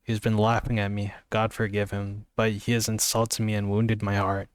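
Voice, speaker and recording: A tearful young woman pleads in earnest, halting phrases, as a man reads her lines in his own low voice. The delivery stays flat and even, and the sound is dry and close. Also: smooth, no room sound, close to an everyday voice. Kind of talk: amateur book reading.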